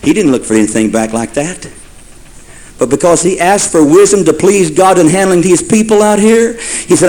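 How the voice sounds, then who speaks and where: A man's voice: sits high, expressive, moderate pace, a little mellow, poor audio. A man preaching a sermon in a folksy storytelling way, building to fervent repeated phrases.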